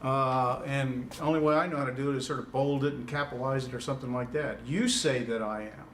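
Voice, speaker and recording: A man's voice: mid-range voice, fairly even intonation, fast, a bit bright. Man lecturing from across a classroom. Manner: informal, filler-heavy explaining with questions to students. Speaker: Greek instructor. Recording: distant mic, faint noise.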